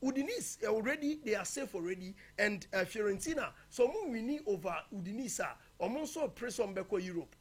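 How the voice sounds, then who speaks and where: High, husky-voiced football pundit. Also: male voice, animated, a little fast, few pauses. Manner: emphatic, mixing in local-language phrases. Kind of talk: casual football match preview.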